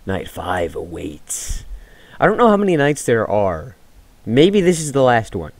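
A man's voice: mid-range voice, very animated, moderate pace, darkish tone, dry recording. A man giving rambling, jumpy commentary on a horror game he is playing, yelping when startled. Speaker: gaming YouTuber. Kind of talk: let's play commentary.

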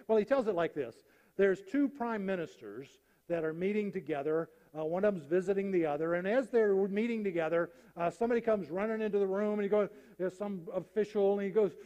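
High-voiced storytelling preacher, reverberant church. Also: male voice. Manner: animated storyteller acting out jokes. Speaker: pastor. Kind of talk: sermon with humorous stories. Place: church sanctuary.

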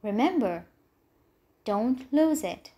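A woman's voice: fairly high pitch, lively intonation, slow pace, mellow, dull audio. A woman voicing a caring queen giving earnest warnings to her daughter in a storybook reading. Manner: earnest, cautioning.

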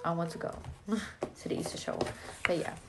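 A woman's voice: fairly low pitch, fairly even intonation, moderate pace, noisy background. Chatty Australian woman reading tarot. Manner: casual, chatty, blunt, swears and jokes. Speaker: tarot reader. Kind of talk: live-streamed collective tarot reading.

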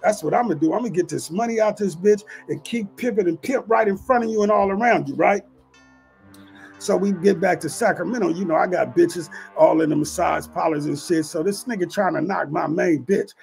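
A man hosting his own channel tells a long street story in a casual monologue, profane and streetwise, constantly asking "you know what I'm saying" to check you follow. His voice sits high and moves fairly quickly, with vocal fry, a slightly mellow tone and a breathy edge, over soft background music.

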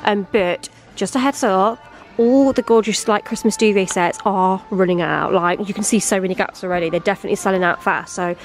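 A young woman, gushing and chatty as she vlogs, her voice a little hoarse. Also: medium pitch, brisk, soft background music, low-quality recording. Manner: excitable, gushing, fills with "like". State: slightly hoarse. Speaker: vlogger. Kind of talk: casual chatty vlog. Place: in a parked car, then in a shop.

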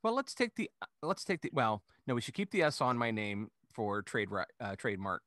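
A man's voice: medium pitch, very animated, a little fast, fairly bright tone, no echo, studio quality. A man introducing himself as a player on a tabletop game stream, hesitant and playful. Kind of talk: casual stream chat.

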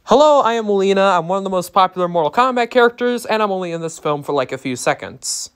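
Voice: mid-range voice, lively intonation, fast talker, clear, resonant tone, pitched above the performer's own voice, natural voice. A reviewer voicing a popular but slighted female fighter, complaining.

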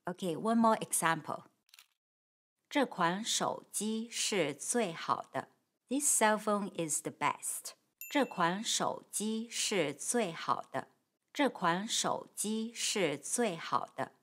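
A woman teaching Mandarin grammar, explaining patiently and clearly with model sentences. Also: mid-range voice, animated, slow pace, fairly bright tone. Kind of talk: grammar lesson.

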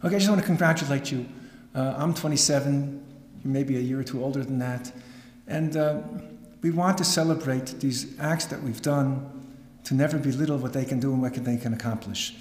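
Animated man telling a story in an echoey hall. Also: medium pitch, a little fast. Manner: dramatic, animated storyteller with wry asides. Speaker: rabbi and lecturer. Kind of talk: storytelling lecture. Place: synagogue hall. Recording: echoey hall with long reverb.

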